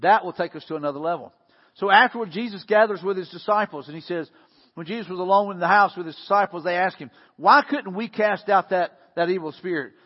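A male pastor with a high, husky voice preaches in a church sanctuary, talking casually and repeating himself as he goes. The sound is dull and lo-fi, and a long reverb trails off through the hall. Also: quick pace. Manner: conversational, repeats words, acts out prayers and quotes with rising force. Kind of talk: sermon.

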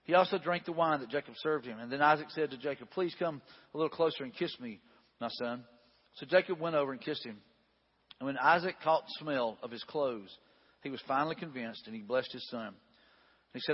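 A man preaching a sermon, moving between reading scripture and chatting with the congregation in a folksy way. His voice sits a bit high for a man and has a husky edge. The sound is dull and lo-fi, with a long reverb tail filling the hall. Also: fairly quick. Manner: conversational, folksy asides with restarts. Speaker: pastor.

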